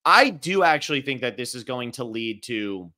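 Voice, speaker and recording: Bright-voiced man hosting sports chat. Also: mid-range voice, big pitch swings, normal speed. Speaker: podcast co-host.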